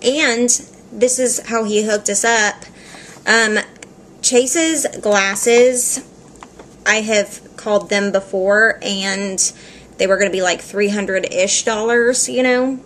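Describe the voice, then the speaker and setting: A woman's voice: mid-range voice, slow pace, a bit bright. A woman with a mid-range voice tells a story to her camera in a loose, rambling way. She laughs easily and leans on "like" and "you know" as she talks. It is an easygoing vlog delivery with a faint hiss behind her. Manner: chatty, rambling, laughs often, frequent "like" fillers. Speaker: vlogger.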